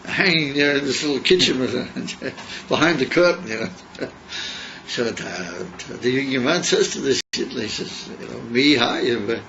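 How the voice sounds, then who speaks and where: A man giving a yeshiva class lecture, mixing English with Yiddish and Hebrew terms and pausing often with fillers. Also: medium pitch, lively intonation, gravelly, fairly bright tone. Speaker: Torah teacher. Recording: dull lo-fi class recording with faint noise.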